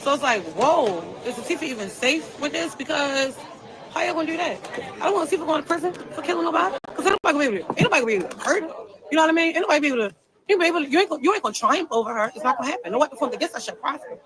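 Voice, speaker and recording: A woman's voice: high voice, lively intonation, racing, a crowd in the background, low-quality recording. A woman talking on a casual live stream, telling her side of a story in an emphatic, repetitive way.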